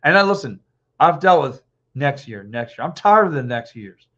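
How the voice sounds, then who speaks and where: A man in his fifties hosting a podcast, talking sports alone and reading out live comments, blunt and excitable, repeating himself, a little hoarse with a dry throat. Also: mid-range voice, moderate pace. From Philadelphia. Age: 50s. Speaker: podcast host. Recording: dull lo-fi stream audio.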